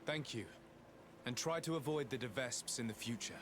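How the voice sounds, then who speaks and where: An actor playing a composed, resolute noble envoy, speaking in a measured, formal way in video game dialogue. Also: male voice, medium pitch, fairly bright tone, slight background noise, close to an everyday voice. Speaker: game protagonist. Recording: game audio with town ambience.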